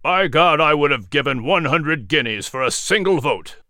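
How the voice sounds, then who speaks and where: A man's voice: a little high, expressive, moderate pace, sharp tone, no echo, clean studio sound. A man voicing an indignant colonial politician who exclaims in exasperation. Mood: exasperated.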